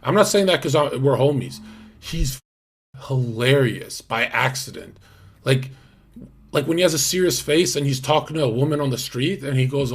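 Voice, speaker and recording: A young man hosts a livestream, chatting casually in a rambling, slangy way with lots of fillers and restarts. His voice is mid-range, brisk and slightly rough.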